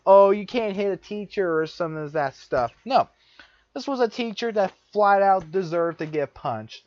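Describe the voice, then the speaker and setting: A man's voice: sits high, no echo. A young man vlogger telling a personal story in a profane, repetitive, exasperated rant. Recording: dull lo-fi dry recording.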